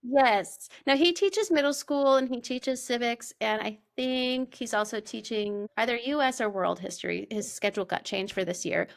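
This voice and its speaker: Casting: middle-aged woman co-host, fairly high voice with gravelly fry, quick animated storyteller. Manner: animated, tells anecdotes quickly. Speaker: podcast co-host, teacher. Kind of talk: casual chat.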